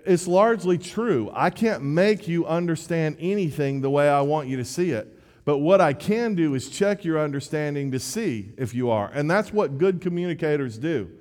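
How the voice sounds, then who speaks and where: A man's voice: fairly high pitch, lively intonation, moderate pace, darkish tone. A man giving a sermon in a conversational, self-deprecating way, often restarting his sentences. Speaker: preacher. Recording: long hall reverb.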